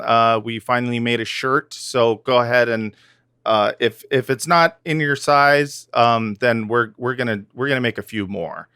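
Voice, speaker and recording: Chill guy cohosting a podcast, jokey, lots of uh and um, smooth voice, dry mic. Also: mid-range voice, a bit bright, no echo. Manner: joking, laid-back, many fillers and restarts. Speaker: podcast co-host. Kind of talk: casual chat.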